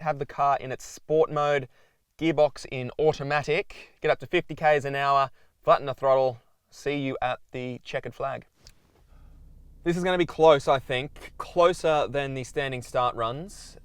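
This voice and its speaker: A man's voice: mid-range voice, clear, resonant tone, no echo. A young Australian man commentating on car tests in a casual, upbeat way, speaking from inside a car on a track. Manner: upbeat and chatty, directs the runs. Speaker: car reviewer and host.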